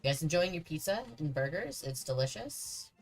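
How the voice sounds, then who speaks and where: A man's voice: a little high, very animated, normal speed, soft background music, poor audio. A man streaming a horror game, chatting casually and joking with the characters on screen. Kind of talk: casual gameplay commentary.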